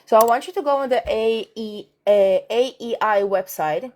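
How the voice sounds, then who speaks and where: A woman with a Russian accent, a guest in a live-stream debate, arguing her point and reading articles aloud haltingly. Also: fairly high pitch, a little mellow.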